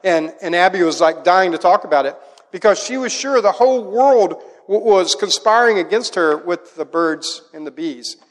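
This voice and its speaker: Middle-aged male pastor, high voice, animated storyteller, big reverberant church sound. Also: moderate pace. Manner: animated storytelling, acts out a child's voice in quotes. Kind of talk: sermon with personal stories. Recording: long hall reverb.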